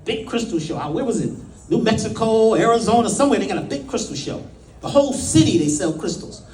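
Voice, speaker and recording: A middle-aged man with a high voice that swings widely as he tells a story in a folksy, dramatic way. He stretches out his pauses for effect. His voice sits back from the mic in an echoey room. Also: animated, a little mellow, recorded from a distance. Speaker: spiritual speaker. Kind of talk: personal storytelling talk.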